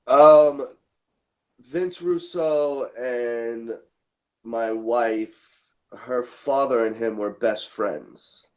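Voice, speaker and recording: A man with a New York accent speaks as a podcast guest over a call, telling stories with emphatic push. His mid-pitched voice comes through slightly dull and lo-fi. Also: drawn-out words. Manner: animated storyteller, emphatic. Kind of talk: casual podcast chat.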